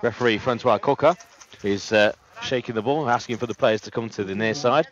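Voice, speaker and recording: A man doing live play-by-play sports commentary, steady and detailed, with frequent "uh" fillers. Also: mid-range voice, a little fast. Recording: lo-fi, muffled sound.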